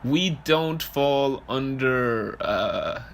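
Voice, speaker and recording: A young man, co-hosting a casual podcast, joking and swearing in animated banter. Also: medium pitch, very slow, gravelly, a little hiss or hum. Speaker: podcast co-host.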